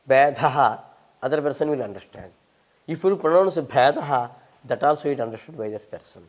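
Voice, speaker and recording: A man's voice: fairly high pitch, a little mellow. An older man from India with an Indian English accent, a scholar answering audience questions in an emphatic, lecturing way with wry humour. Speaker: visiting Sanskrit scholar.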